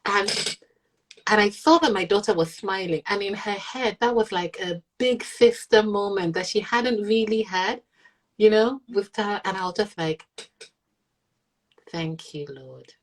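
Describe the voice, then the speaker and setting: A woman's voice: medium pitch, normal speed, poor audio. A middle-aged woman, a mother, talking earnestly and reflectively in an interview. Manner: earnest, reflective, voices others in quotes. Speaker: guest, mother of an autistic child. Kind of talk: candid conversational interview.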